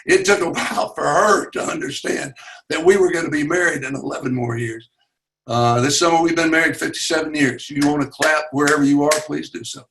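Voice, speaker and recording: A man in his eighties with a Southern US accent, telling personal stories earnestly on a video call, halting with fillers and raising his voice at dramatic moments. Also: on the high side, fairly bright tone, slight background noise. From Chattanooga, Tennessee. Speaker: webinar guest speaker. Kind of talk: personal storytelling.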